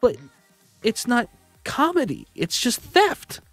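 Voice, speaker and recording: A man's voice: very high-pitched, huge pitch swings, slow, fairly bright tone, dry recording, faint music behind. A man streaming live, chatting casually and rambling with frequent restarts, sounding exasperated. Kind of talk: casual livestream chat.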